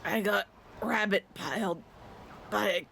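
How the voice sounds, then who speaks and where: A woman streamer commenting excitedly on a video game, swearing and reacting loudly. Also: medium pitch, unhurried, gravelly, slight background noise. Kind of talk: gameplay commentary.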